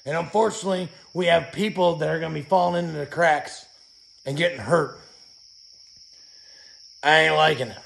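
A man rants bitterly outdoors in a profane, shouting monologue, his voice hoarse from yelling. His voice sits high for a man and is deeply gravelly. His frustration drives every line. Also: moderate pace, pauses often, a little hiss or hum. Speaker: channel host. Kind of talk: angry venting monologue.

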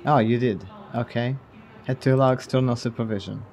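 A man's voice: medium pitch, fairly even intonation, brisk, darkish tone. A man streaming a detective game, commenting casually in a wry, blunt way with casual swearing. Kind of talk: casual let's-play commentary.

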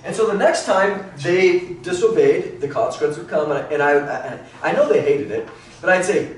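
A middle-aged man leads a church Bible class with an animated delivery, acting out quotes. His voice sits high and swings widely in pitch. He is picked up from a distance in an echoey church room, with faint noise underneath. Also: moderate pace. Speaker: Bible teacher. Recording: roomy echo, mic at a distance, faint noise.

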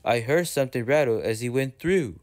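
A man's voice: medium pitch, lively intonation, fairly quick, close to an everyday voice. A man voicing a modest, earnest small male tank engine, close to his own voice. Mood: cross.

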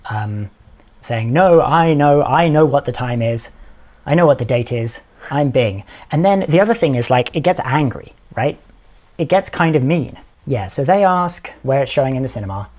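A man talks casually as a podcast host, explaining in an animated way. He slips into quotes with a dry, amused edge. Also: medium pitch.

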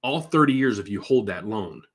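A man's voice: lowish voice, animated, normal speed, fairly bright tone. A middle-aged man hosting a mortgage show, answering viewer questions in a chatty, reassuring way and explaining things step by step. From United States.

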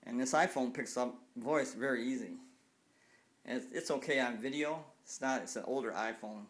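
A man's voice: mid-range voice, normal speed. Angry swearing man in his fifties. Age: 50s. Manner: angry, repetitive, swears freely. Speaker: cyclist vlogger. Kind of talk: casual rant to camera. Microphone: phone.

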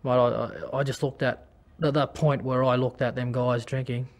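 Australian man, former league player, candid testimony. Halting, restarts, level tone. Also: medium pitch, flat delivery, darkish tone. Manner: halting, many restarts and fillers. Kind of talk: personal testimony.

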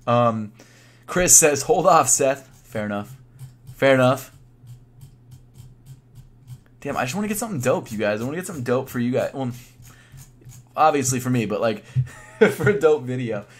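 A young man chatting casually on a live stream, thinking out loud in a laid-back way with plenty of fillers. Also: medium pitch, expressive, brisk. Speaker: sneaker YouTuber live streaming.

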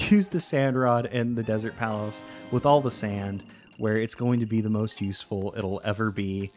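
A man casually commenting on his video game, rambling, joking at his own expense and talking to the creatures on screen, his voice a little worn. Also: lowish voice. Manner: rambling, self-mocking, talks to game creatures. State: voice getting worn. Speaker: let's play host.

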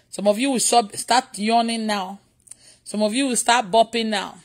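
Woman preacher, livestream prayer, often laughing, higher voice, repeats phrases. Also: moderate pace.

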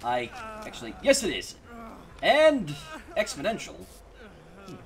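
A man's voice: high voice, wildly swooping pitch, a little slow. A man streaming a game and commenting live, reacting with sudden yelps and wry remarks to himself. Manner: reacts aloud with startled yelps and wry self-talk.

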